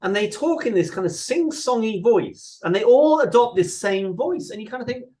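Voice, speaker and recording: A man's voice: high-pitched, expressive, normal speed, warm tone. A man as a podcast guest, talking casually and reflectively, now and then mimicking how other people speak. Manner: reflective, sometimes mimics voices while making a point.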